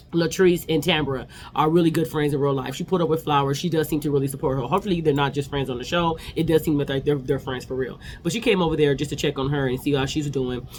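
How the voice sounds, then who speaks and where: A woman's voice: deep voice, a little hiss or hum. A woman in her forties giving a chatty, opinionated casual recap of reality TV episodes.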